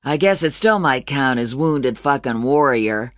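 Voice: mid-range voice, animated, a little slow, a bit bright, no echo, studio quality. A narrator doing a crude, teasing ex-soldier. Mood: mocking. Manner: coarse, mocking banter.

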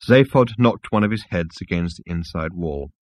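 A man's voice: low-pitched, moderate pace, no room sound, studio quality. Man narrating a wry comic audiobook. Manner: wry, expressive storytelling.

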